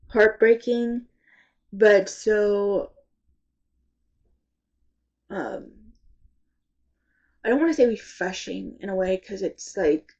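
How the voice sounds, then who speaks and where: Stuffed up from allergies, a woman reviews books in a loose, rambling chat full of halts. She has a warm, medium-pitched voice, and the audio sounds dull.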